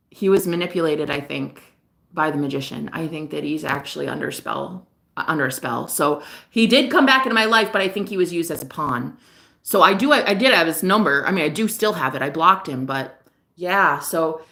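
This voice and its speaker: A young woman talks straight to camera, tired and sad because she can't sleep. She rambles through a personal story with frank, unfiltered swearing, circling back and repeating herself. Her voice sits at an ordinary middle pitch for a woman. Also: a bit bright. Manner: rambling, candid, swears freely. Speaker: vlogger and psychic reader. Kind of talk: confessional late-night vlog.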